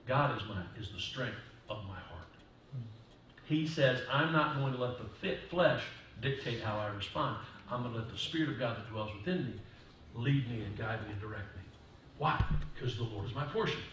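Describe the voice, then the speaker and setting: A male pastor giving a sermon in a church, moving from quiet talk to loud preaching. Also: medium pitch, lively intonation, normal speed, slight background noise. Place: church sanctuary. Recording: distant mic in echoey church hall.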